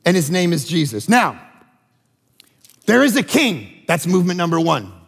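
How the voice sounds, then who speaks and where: A man preaching a sermon as pastor, animated and acting out voices in his stories. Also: sits high, normal speed, vocal fry, breathy edge. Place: church auditorium. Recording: large hall with long reverb.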